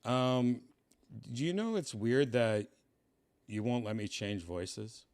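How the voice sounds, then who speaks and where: A man hosting a stream, talking in a deadpan way that trails off quietly. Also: mid-range voice, slow pace. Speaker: streamer host. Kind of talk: casual streaming chat.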